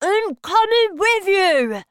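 A woman voicing a greedy, cheeky boy turned into a mouse, loud and high. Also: very animated, slow pace, no echo, clean studio sound, heavily acted.

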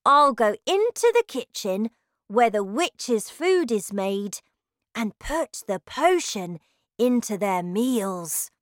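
A woman voicing an excited young boy who has been turned into a mouse, high and eager. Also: slow pace, no room sound, clean studio sound.

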